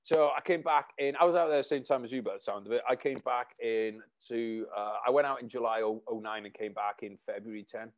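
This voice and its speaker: Rambling man with restarts. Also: medium pitch. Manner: rambling, halting, profane. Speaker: army veteran, writer. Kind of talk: casual conversation.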